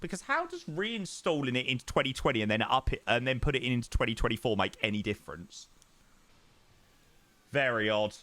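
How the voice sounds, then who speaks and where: A man's voice: mid-range voice, very animated, brisk, pushed and bright. A young man streaming live, chatting casually in a rambling way with sighs and yawns, tired. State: tired, yawning. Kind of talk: casual chat.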